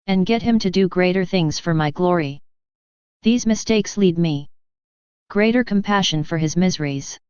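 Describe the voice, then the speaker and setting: A woman reads devotional text in a measured, even recitation. Her voice sits a little low and is very smooth and resonant. The recording is dry and slightly dull, with a lo-fi edge. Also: dry recording. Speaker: reader. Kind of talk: devotional reading.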